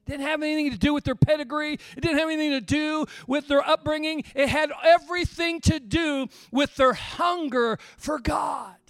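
Passionate high-voiced male preacher. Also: steady tone, moderate pace, hardly any pauses, no room sound. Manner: passionate preaching, swinging from soft to shouted. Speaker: pastor. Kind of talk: sermon.

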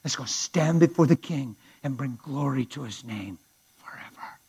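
A man pastor preaching through a personal story, fervent and conversational, often dropping to a hush. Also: mid-range voice, lively intonation, moderate pace, breathy edge, low-quality recording. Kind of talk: storytelling sermon.

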